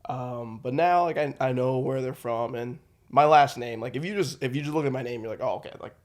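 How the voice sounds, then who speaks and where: A man with a New York accent talks as a podcast guest in a relaxed, conversational way. His speech is halting and full of fillers and restarts. His pitch sits in an ordinary middle range for a man. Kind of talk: casual chat.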